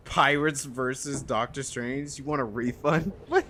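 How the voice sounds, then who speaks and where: A man streaming a horror game, chatting casually with his viewers and reacting with quick laughs. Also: mid-range voice, fairly bright tone, a little hiss or hum. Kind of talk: casual gameplay commentary.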